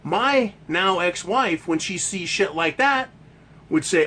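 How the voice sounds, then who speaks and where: A man's voice: high voice, animated, a little slow, sharp tone, slight background noise. A man hosting a ranting monologue, talking in a heated, emphatic and profane way. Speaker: host.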